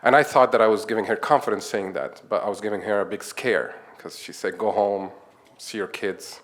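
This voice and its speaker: A man's voice: on the low side, fast talker, a bit bright. A man from Egypt, giving a conference talk and telling stories in a chatty way. He chuckles often and acts out the dialogue he quotes. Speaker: conference speaker, nonprofit founder. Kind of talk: conference talk, anecdotal storytelling.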